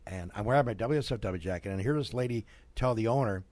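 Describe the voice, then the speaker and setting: A middle-aged man hosting a local radio show, telling a story in a studio with lively asides and laughs. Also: fairly low pitch, fast talker, no echo. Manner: animated storyteller, laughs mid-sentence. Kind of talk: casual storytelling and sponsor reads.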